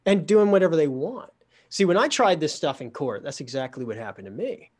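A man telling a story in casual talk, lively, sardonic and poking fun at himself. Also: mid-range voice, moderate pace, breathy edge. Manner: lively, sardonic, self-mocking.

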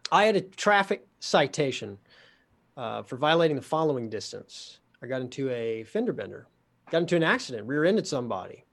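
A man telling a story in casual talk, lively, sardonic and poking fun at himself. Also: mid-range voice, brisk, vocal fry. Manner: lively, sardonic, self-mocking.

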